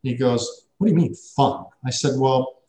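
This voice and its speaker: A man who works as a business coach, telling an anecdote with lively acted-out dialogue. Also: mid-range voice, a little slow, reverberant, rough recording. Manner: animated anecdote teller, acts out dialogue. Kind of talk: storytelling talk.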